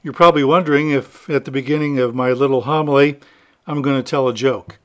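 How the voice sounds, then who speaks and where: A man, a priest, reading the gospel aloud and then preaching a homily in a relaxed, chatty way with light humor. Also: medium pitch, a little fast, dull audio.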